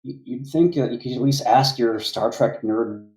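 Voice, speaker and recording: A man co-hosts a casual commentary podcast and sounds sarcastic and exasperated. His voice is dark and mellow, and it carries a roomy echo. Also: medium pitch, moderate pace. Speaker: podcast co-host.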